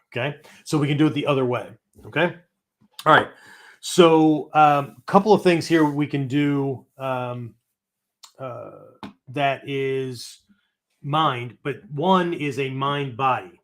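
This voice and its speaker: Hosting a martial arts philosophy show, a man with a mid-range, fairly bright voice teaches in a loose, conversational way. Nearly every point ends with "right?" or "okay?", and he acts out angry voices and breathing as demonstrations.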